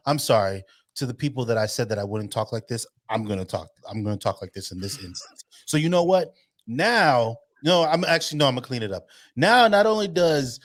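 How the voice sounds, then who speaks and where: A man in his thirties co-hosting a podcast, telling stories in a blunt, profane, casual way. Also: on the high side. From United States. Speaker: podcast co-host. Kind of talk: casual chat.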